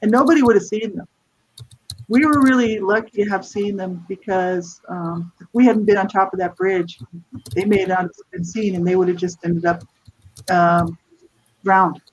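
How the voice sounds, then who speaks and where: A woman's voice: medium pitch, fairly even intonation, normal speed, a little mellow, slightly rough. A woman chatting casually, telling a story and giving brief encouraging replies. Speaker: conversation partner. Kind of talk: casual chat. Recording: dull lo-fi audio with faint noise.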